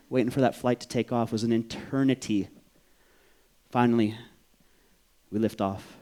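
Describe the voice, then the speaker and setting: A man, from Vancouver, telling a personal story on stage in an animated, profane way, acting out the voices. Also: mid-range voice, moderate pace, pauses often. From Vancouver, Canada.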